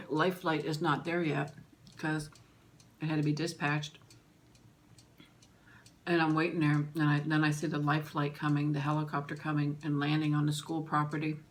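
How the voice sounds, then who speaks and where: A middle-aged woman vlogger telling a personal story in an emotional, halting way, with pauses and restarts. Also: deep voice, level tone, a little hiss or hum.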